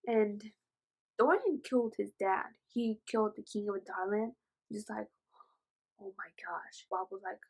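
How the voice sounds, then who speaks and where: A woman retelling a novel's plot in a casual book review vlog, gushing and excitable, with rambling asides and many fillers. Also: medium pitch, poor audio. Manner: gushing, excitable, says "oh my gosh" often.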